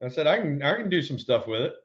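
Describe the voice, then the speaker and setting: A man telling a story in casual chat, animated, repeating words and acting out quotes. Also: on the high side, fast, muffled recording. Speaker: co-host, former ballplayer.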